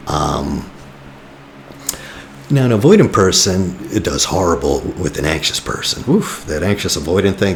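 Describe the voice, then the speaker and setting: An attachment coach with an extremely low, gravelly voice gives relationship advice in a loose, casual talk, speaking expressively at a normal speed. He's blunt and a bit teasing, often dropping in "you know." A faint hiss lies beneath his voice.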